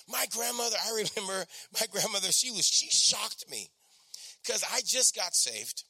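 A man preaching a sermon, exhorting with emphatic repetition and dropping to soft storytelling. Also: high voice, expressive, normal speed, breathy edge.

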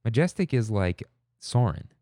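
A man's voice: medium pitch, moderate pace, no room sound, clean studio sound. A young man co-hosting a podcast, chatting casually and rambling through stories with quoted voices. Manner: rambling storyteller, animated quoting. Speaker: podcast co-host. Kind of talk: casual chat.

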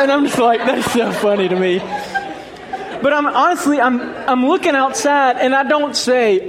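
A man telling a humorous personal story to a group, animated and acting out his own remarks. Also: extremely high pitch, normal speed, background noise. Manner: animated, acts out his own quoted thoughts, laughs often.

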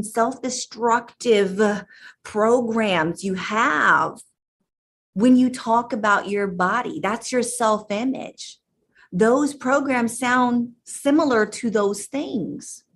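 A woman hypnotherapist in casual talk to her viewers, chatty and emphatic, pausing now and then to gather her thoughts. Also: on the high side. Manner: chatty and emphatic, addresses listeners directly. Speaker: channeling hypnotherapist.

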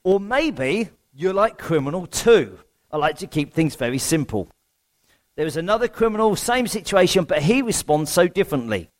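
Preacher, higher-pitched man. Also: very animated, moderate pace. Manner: rhetorical questions, self-deprecating humour. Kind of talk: conversational sermon.

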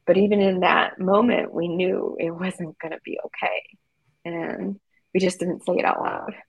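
A woman's voice: fairly low pitch, fairly even intonation, normal speed, creaky, breathy edge, no room sound, poor audio. A woman guest in an interview, telling her story candidly and with emotion, often using fillers.

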